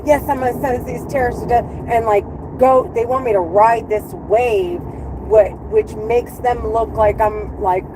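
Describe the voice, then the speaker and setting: A woman in a car delivers an agitated, rambling monologue, circling back to the same points over and over. She sits some distance from the mic. Steady road and traffic noise runs underneath her voice. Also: a little high, a little slow. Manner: agitated, rambling, repeats herself. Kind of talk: ranting monologue to camera. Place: inside a moving car.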